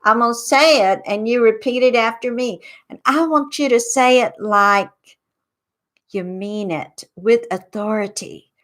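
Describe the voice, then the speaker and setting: A woman hosting a psychic advice show, guiding listeners through a tapping meditation with slow, soothing instructions. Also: a little high, fairly bright tone.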